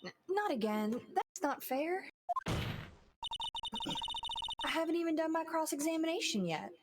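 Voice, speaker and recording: A woman's voice: extremely high pitch, very animated, a little slow, very noisy, full character voice. A woman voicing a frustrated but determined young female defense attorney in a fan-dubbed courtroom game, speaking in an exasperated, wry way. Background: game music.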